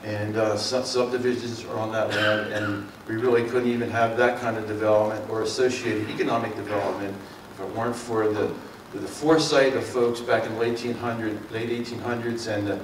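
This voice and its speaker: A man's voice: fairly low pitch, fairly even intonation, fairly quick, hardly any pauses, far from the mic. A middle-aged man with a Philadelphia and South Jersey accent speaks to a community forum in a loose, rambling way, with plenty of fillers and restarts. He stands well back from the mic, and his voice rings around an echoey meeting room. A faint room hum sits underneath. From Mid-Atlantic US. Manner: folksy and rambling, with many fillers and self-corrections. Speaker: water district speaker. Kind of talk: public talk to a community forum.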